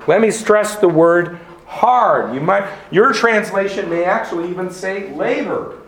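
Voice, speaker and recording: A middle-aged man preaching with earnest emphasis, circling back over his words as he drives each point home. His voice sits a little high for a man and carries a gravelly edge. The sound rings in an echoey church hall. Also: expressive, a little slow. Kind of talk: sermon. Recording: echoey room.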